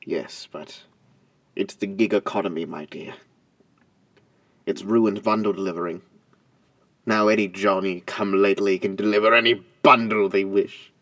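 A man's voice: fairly even intonation, moderate pace, pauses often, a bit bright, no echo. A man doing a weary, grumbling delivery stork. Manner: low, mumbling, put-upon. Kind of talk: improvised comedy podcast.

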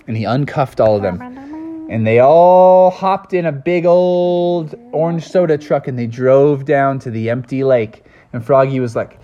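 An adult telling an improvised story to a child, animated and lively. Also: medium pitch, measured pace, dull audio. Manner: animated, lively, with many put-on voices.

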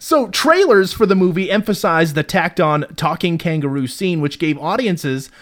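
A man co-hosting a casual movie review podcast, animated and profane, laughing often. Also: on the high side, normal speed. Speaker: podcast co-host.

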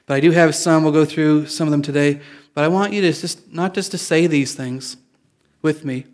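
A man's voice: fairly high pitch, steady tone, normal speed, a little mellow. A male pastor giving a conversational sermon, often restarting his sentences and making light jokes. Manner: conversational, self-correcting, joking.

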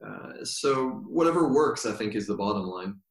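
A man guest on an interview, telling stories in a reflective, meandering way and slowing down for emphasis. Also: on the low side, expressive. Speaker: yoga teacher, podcast guest. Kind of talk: relaxed storytelling interview. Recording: roomy echo.

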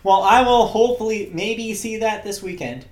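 A man's voice: sits high, normal speed, echoey room. A man hosting a casual movie podcast, chatty and upbeat with lots of fillers. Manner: chatty, upbeat, laughs easily, frequent fillers. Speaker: podcast host.

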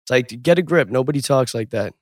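A man's voice: medium pitch, brisk, no room sound, clean studio sound. A man co-hosting a casual podcast, rambling loosely and swearing freely. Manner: loose, profane, wandering. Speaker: podcast co-host. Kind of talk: casual crude chat.

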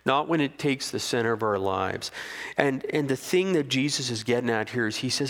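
A man's voice: mid-range voice, expressive, moderate pace. A man preaching a sermon from a stage, telling a story and building to fervent peaks. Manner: storytelling, rising to fervent near-shouting peaks. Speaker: pastor. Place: stage before a congregation.

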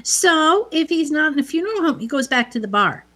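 Woman co-host, a touch high, easygoing storyteller recapping a film scene by scene. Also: sing-song, a little fast, sharp tone. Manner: retells scenes at length, quoting characters. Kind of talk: casual movie recap chat.

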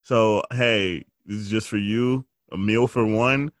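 A man's voice: on the low side, takes it slowly, no room sound, clean studio sound. A man in casual chat who rambles, teases, and laughs often.

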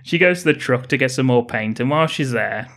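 A man's voice: mid-range voice, brisk, a bit bright. Dry-joking man. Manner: dry jokes, retells the plot. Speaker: podcast co-host. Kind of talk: casual film-review chat.

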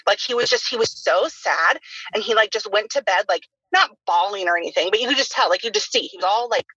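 Woman, 30s, podcast host, casual chat, rapid talk, lots of "like" fillers, dull lo-fi audio. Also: mid-range voice, lively intonation, sharp tone, husky, dry recording. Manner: chatty, heavy use of "like" fillers. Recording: dull lo-fi sound.

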